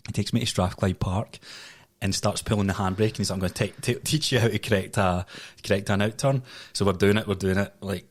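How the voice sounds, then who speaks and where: A Scottish man in his late twenties with a fairly low voice, spinning casual stories on a podcast. He laughs easily and swears without a second thought. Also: steady tone, fast. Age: late 20s. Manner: storytelling, laughs often, swears freely. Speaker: podcast guest.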